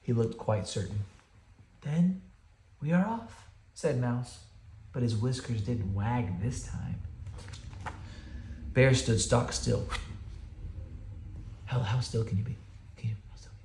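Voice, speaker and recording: A man's voice: medium pitch, steady tone, slow, pauses often, a little mellow, a little hiss or hum. A father reading a children's picture book aloud, chatty, with asides to his kids. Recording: roomy home room echo.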